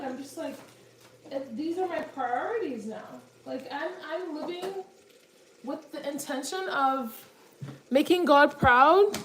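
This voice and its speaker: Young woman, high voice, chatty, lots of fillers, home kitchen, noisy recording with clicks. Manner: chatty, many fillers, talks to viewers directly. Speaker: cooking vlogger. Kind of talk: casual chat while cooking.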